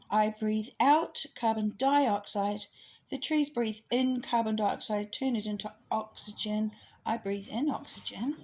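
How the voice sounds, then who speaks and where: A woman giving a rambling, chatty spiritual talk, with laughs and soft asides. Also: a little high, low-quality recording. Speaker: astrology presenter.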